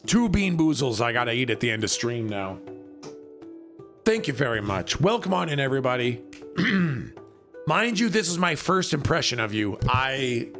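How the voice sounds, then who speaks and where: A man live-streaming and chatting casually with viewers, his voice worn and hoarse, laughing often and bursting out loudly. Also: medium pitch, big pitch swings, normal speed, faint music behind. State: voice going, hoarse.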